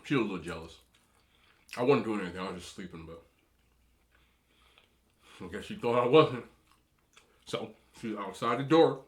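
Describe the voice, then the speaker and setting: A man in his thirties eating on camera, giving emphatic, animated relationship advice to other men and telling stories in a casual chat. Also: on the low side, normal speed, pauses often. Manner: storytelling with repeated disapproving hums. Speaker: mukbang vlogger.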